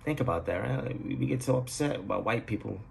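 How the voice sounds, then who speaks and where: A man's voice: medium pitch, animated, quick pace, vocal fry, a little hiss or hum. A man hosting his own podcast, talking in a loose, profane, rambling monologue and laughing at his own jokes, recorded at home. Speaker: podcast host. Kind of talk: casual solo monologue.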